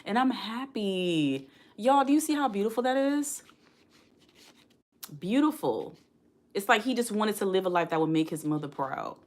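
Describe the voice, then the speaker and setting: A woman's voice: medium pitch, lively intonation, moderate pace, long pauses, darkish tone. A woman around forty hosting a casual live stream, chatting and reading viewer comments aloud. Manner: chatty, addresses the chat directly, reads comments aloud.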